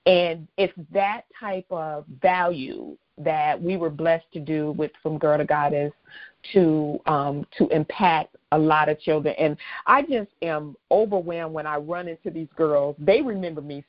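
Lowish-voiced woman host, affirming. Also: normal speed. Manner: affirming, frequent backchannel murmurs; emotional, openly moved. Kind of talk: casual conversation. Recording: dull lo-fi audio.

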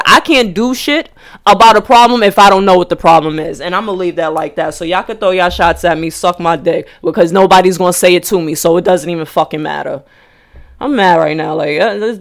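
A woman ranting angrily to her camera, swearing constantly, shaking with emotion and restarting her sentences. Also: mid-range voice. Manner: angry, profane, restarts often. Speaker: vlogger. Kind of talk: heated personal rant.

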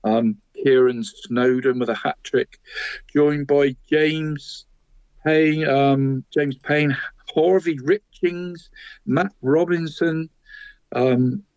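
A man's voice: fairly high pitch, steady tone, very slow, darkish tone, no room sound, lo-fi sound. A man co-hosting a casual local football podcast, reading results in a chatty way and tagging nearly every line with "mate". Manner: chatty, tags nearly every line with 'mate', chuckles at his own jokes. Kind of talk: casual sports chat.

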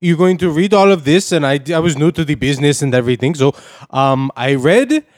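A man's voice: fairly high pitch, expressive, brisk, no echo, studio quality, natural voice. A man voicing an overemotional foreign actor who is melodramatic and tearful. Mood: earnest. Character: overemotional foreign male actor with a vague accent. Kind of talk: improvised comedy podcast bit.

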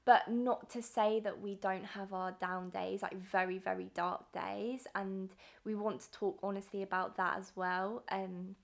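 A woman in her twenties from southern England chats on her own podcast at an unhurried, drawn-out pace. She talks loosely, trails off mid-thought and laughs often. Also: medium pitch, fairly even intonation, gravelly. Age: 20s. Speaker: podcast co-host. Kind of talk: casual chat.

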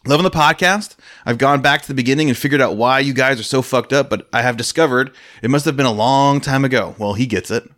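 A man's voice: medium pitch, fast talker, a bit bright. A man co-hosting a podcast in casual, crude banter, teasing and laughing often as he rambles. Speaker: podcast co-host.

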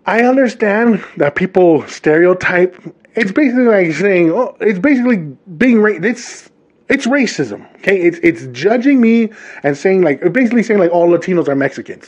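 A man in his thirties from Hawaii, hosting a podcast and telling a story in a casual, animated monologue aimed straight at his listeners. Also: high voice, moderate pace. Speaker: podcast host.

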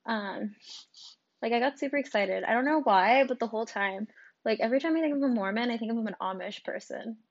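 A woman's voice: a little high, a little fast, dry recording, dull audio. A young woman in her twenties hosting her own podcast in a rambling, casual chat full of ums, likes and swearing, still recovering from covid, with a cough and short breath. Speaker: podcast host.

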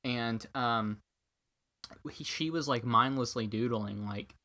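A man's voice: medium pitch, slow pace, sharp tone. Young man, podcast co-host, wry storyteller, casual chat. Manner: wry, joking storyteller who acts out quotes.

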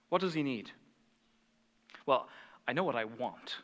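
A man preaching a sermon as pastor, telling stories animatedly and swinging from hushed asides to fired-up passion. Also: on the high side, animated, normal speed, big-room sound.

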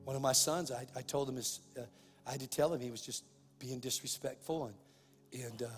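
A man preaching a sermon as pastor, impassioned, swinging between hushed, heavy passages and loud, driving ones. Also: mid-range voice, a little fast, in a large hall, soft background music.

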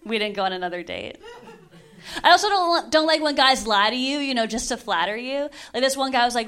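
Woman, twenties, stand-up comedian, deadpan delivery, laughs at her own jokes, bright voice. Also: on the high side, fairly quick, smooth. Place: comedy club stage.

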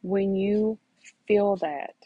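Speaking extremely slowly, a mother earnestly testifies about her own life and urges faith on her listeners, addressing them directly and repeating phrases for emphasis. Her husky, medium-pitched voice comes through narrow, tinny audio with no room sound.

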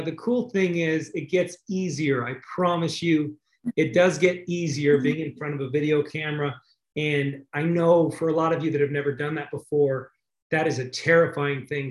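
A man's voice: a little high, roomy sound. A man hosting a video call, talking in a rambling, grateful way. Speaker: host. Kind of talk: casual video call chat.

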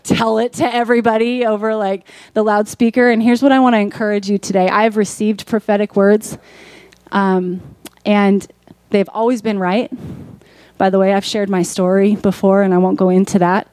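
A woman's voice: mid-range voice, flat delivery, normal speed, darkish tone, clear, resonant tone, no room sound. A woman pastor preaching a sermon in a conversational way that rises to emphatic peaks.

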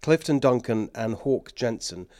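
A man's voice: mid-range voice, lively intonation, measured pace, mellow, no room sound, studio quality. A man with an English accent hosting a political talk show, emphatic and sarcastic, with bursts of mockery and laughter.

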